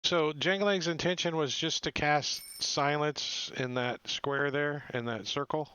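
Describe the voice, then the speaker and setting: A man acting as game master of a tabletop game, pausing often to check rules and what the players intend. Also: a little high, steady tone, pushed and bright, smooth, dry recording. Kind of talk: running a tabletop game over voice chat. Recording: dull lo-fi sound.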